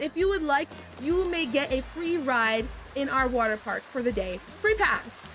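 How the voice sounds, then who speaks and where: A woman's voice: sits high, expressive, normal speed, fairly bright tone. A woman streaming a game, chatting casually in a chaotic, playful way with lots of stammered restarts. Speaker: VTuber streamer. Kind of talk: casual gameplay commentary. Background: game music.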